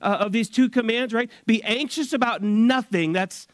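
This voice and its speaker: A man preaching a sermon at a church service, drawing out key phrases slowly for emphasis. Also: very high-pitched, dry recording. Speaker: pastor.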